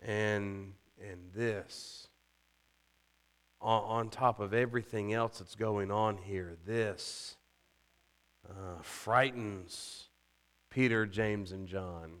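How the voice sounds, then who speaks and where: A man preaching a sermon, chatty and full of rhetorical questions, rising high and loud whenever he quotes scripture. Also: fairly even intonation, drawn-out words. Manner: conversational asides, rhetorical questions.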